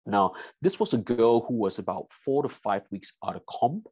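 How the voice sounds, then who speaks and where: A man's voice: mid-range voice, very animated, normal speed, darkish tone, husky, dry recording. A man giving a seminar lecture as a strength coach, telling a story about a client to his audience. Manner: storytelling, addresses audience as "you guys".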